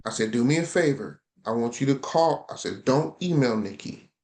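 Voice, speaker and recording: A man talks casually as a guest on a podcast. He tells his stories in an animated, frank way. He often repeats a line for emphasis. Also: medium pitch, moderate pace. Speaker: guest, consulting founder.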